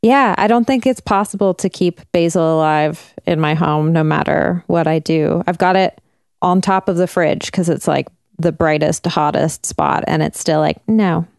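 An animated woman chatting casually on a podcast, swearing freely and leaping up in pitch when she's excited. Her voice sits a little low, recorded close and dry with no room sound. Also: moderate pace, vocal fry, no room sound. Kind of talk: casual chat.

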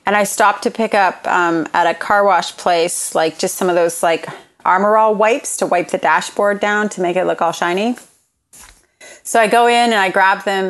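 A woman chatting on a podcast, telling a story with lively acted-out quotes and frequent laughter. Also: lowish voice, moderate pace. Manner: animated storyteller, acts out quotes, laughs often. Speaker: podcast guest. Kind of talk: casual chat, storytelling.

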